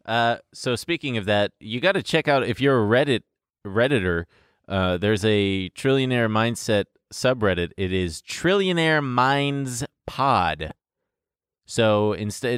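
A man's voice: medium pitch, a bit bright, clean tone, dry recording, clean studio sound. A man co-hosting a podcast in loose, profane, joking banter. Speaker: podcast co-host. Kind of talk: casual chat.

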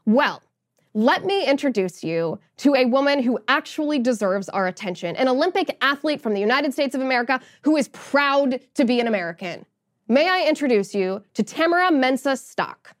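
A woman's voice: sits high, animated, normal speed. A woman hosting a political podcast, giving indignant, sarcastic commentary. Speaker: podcast host.

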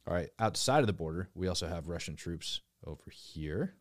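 A man's voice: low voice, expressive, a little fast, no echo, studio quality. A man hosting a casual podcast, explaining things while he draws on a map. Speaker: podcast host.

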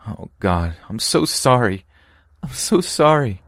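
A man's voice: lowish voice, lively intonation, unhurried, no echo, clean studio sound, pitched above the performer's own voice. A man voicing a tearful, guilt-ridden young woman who pleads and apologizes while crying in a horror story reading. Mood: sobbing apology.

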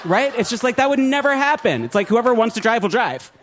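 A man doing a stand-up comedy set on a club stage, with an animated, profane, self-mocking delivery. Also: very high-pitched, fast, a little hiss or hum. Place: comedy club stage before a laughing audience.

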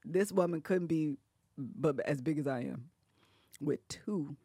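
A woman's voice: low voice, takes it slowly, mellow, slightly rough, no echo. Woman, podcast co-host, casual storytelling, laughing, acts out quotes, dry sound.

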